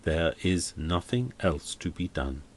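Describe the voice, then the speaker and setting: A man voicing a smooth, hedging older male church dean who talks in a confidential tone. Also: low-pitched, expressive, slow, no echo, full character voice.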